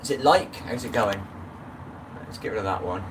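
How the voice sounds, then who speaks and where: A man's voice: lowish voice, normal speed. A middle-aged man chatting casually on a live stream, rambling and greeting viewers by name. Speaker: livestream host. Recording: distant phone mic with noise.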